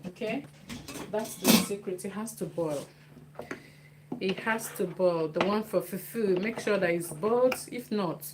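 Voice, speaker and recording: A woman talks slowly and casually as she cooks, repeating words while she works. Her voice sits at an ordinary middle pitch. The kitchen recording is noisy, with clicks in the background. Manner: chatty, repeats phrases while working. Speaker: cooking vlogger. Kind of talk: casual cooking demonstration. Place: home kitchen.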